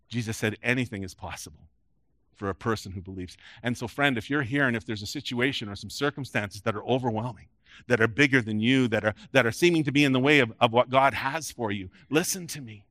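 A man preaching a sermon as a pastor, earnest, dropping to a hush and rising loud, often repeating words as he restarts. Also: mid-range voice, brisk, no room sound.

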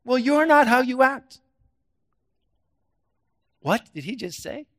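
High-voiced male preacher, animated sermon. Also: takes it slowly. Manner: interactive, quizzes the audience and jokes; swings from quiet asides to loud emphatic bursts. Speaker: guest preacher.

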